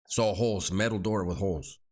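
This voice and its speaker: A man's voice: low voice, brisk, darkish tone. A middle-aged man telling a story from his past in casual street slang, often repeating words as he goes.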